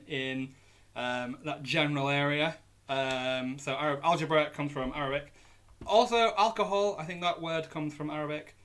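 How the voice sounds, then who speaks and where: A man's voice: a little high, pushed and bright. A young man with a Yorkshire accent hosting a live online pub quiz, reading out questions and options and chatting in a jokey, easygoing way. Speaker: quiz host. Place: indoors at home on a hot day.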